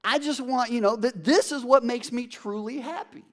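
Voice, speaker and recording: A man's voice: very high-pitched, moderate pace, pitched above the performer's own voice. A man voicing a loving older father who pleads tenderly with his son, within a sermon. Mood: pleading.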